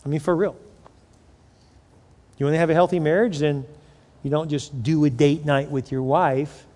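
A man preaching a sermon as pastor, animated and joking, acting out the voices he quotes. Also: a little high, moderate pace. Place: church. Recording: long reverb of a church hall.

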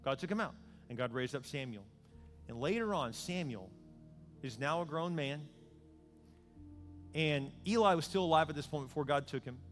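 A man's voice: a little high, lively intonation, moderate pace, pauses often, soft background music. A male pastor preaching a sermon, urgent and pleading as he makes an altar call.

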